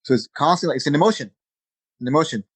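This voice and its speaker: A man, a jiu-jitsu instructor, chatting as a podcast guest in an energetic, conversational way, with lots of "you know" and "man.". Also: fairly high pitch, rapid-fire, slightly rough, dry recording, low-quality recording. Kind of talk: casual interview chat.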